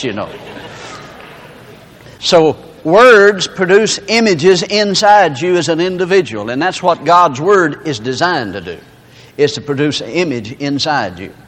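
A man preaching a sermon, telling folksy stories with laughter to illustrate his point. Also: on the high side. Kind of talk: storytelling sermon. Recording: reverberant hall.

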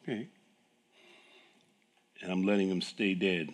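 A man's voice: low voice, slow pace. A middle-aged man preaching a sermon, telling stories with acted dialogue and frequent laughs. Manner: animated storytelling with acted dialogue, laughing often. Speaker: pastor.

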